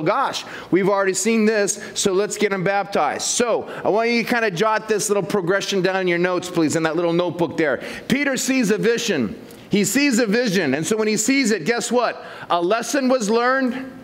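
A male pastor teaching through scripture in a lively, joking way, often jumping into the voices of the people he quotes. His voice sits noticeably high for a man. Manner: animated, jokey, acts out quotes. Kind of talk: verse-by-verse sermon.

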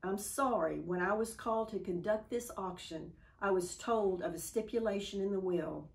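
Woman doing a male auctioneer, persistent, firm, measured bid-calling, storytelling. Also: mid-range voice, gravelly, natural voice. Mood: insistent.

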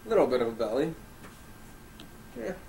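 A man's voice: medium pitch, sing-song, moderate pace, creaky, dark tone, roomy sound, a little hiss or hum, poor audio. A man doing a food challenge on camera, hyped and joking, with playful boasting. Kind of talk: casual vlog commentary.

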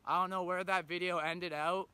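A man's voice: high-pitched, level tone, normal speed, bright, forceful tone, clear, resonant tone. Slangy young man filming on his phone. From Canada. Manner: slangy, rambling, laid-back. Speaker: vlogger. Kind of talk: casual vlog chat. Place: outdoors and in a car. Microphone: phone camera at arm's length.

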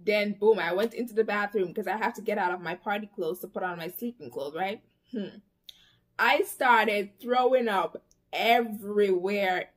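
A young woman tells a story to her vlog camera. She talks casually and with spirit, full of slang and cussing, and breaks into quick quoted lines. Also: mid-range voice. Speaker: vlogger.

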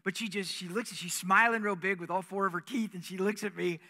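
A male preacher telling a story in a sermon. He is animated and acts out sounds with his voice. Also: sits high, brisk. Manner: animated, with vocal sound effects.

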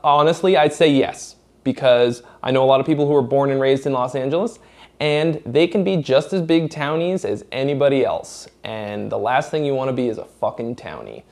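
A man's voice: medium pitch, normal speed, a little mellow. Male vlog host from Massachusetts with no accent; candid, profane, casual Q&A delivery. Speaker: host answering viewer questions. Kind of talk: casual Q&A chat.

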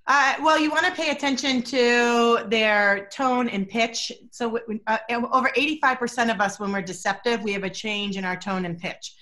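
Energetic woman telling stories as an expert. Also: a little high, normal speed, few pauses. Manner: energetic, storytelling, emphatic. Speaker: body language expert guest. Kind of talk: podcast interview.

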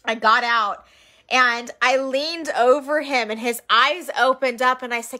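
Bright-voiced woman telling heartfelt stories. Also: on the high side, unhurried. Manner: earnest, emotional, retells quotes in lively voices. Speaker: missionary sharing outreach stories. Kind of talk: casual storytelling chat.

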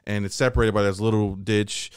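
A young adult man, a comedian, telling a rowdy story on a podcast in a casual, profane, animated way. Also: fairly low pitch, a little fast, clean tone. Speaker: comedian guest.

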